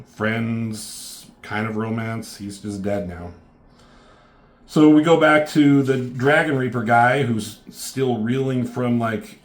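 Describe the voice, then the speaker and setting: A man casually talking through his own comic, swearing freely and acting out lines now and then. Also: on the low side. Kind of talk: casual commentary.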